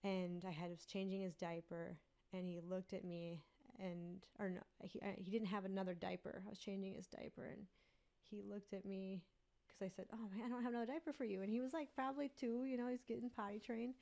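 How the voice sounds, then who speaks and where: A woman's voice: medium pitch, fairly even intonation, normal speed, gravelly, dark tone. A woman guest on a podcast, earnestly telling a personal story in a rambling way with many fillers.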